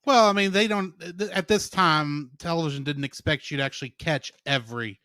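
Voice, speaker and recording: A man in his thirties, a guest on a podcast, chatting casually in a matter-of-fact, low-key way. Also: brisk, pushed and bright, no room sound. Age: 30s. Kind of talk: casual chat.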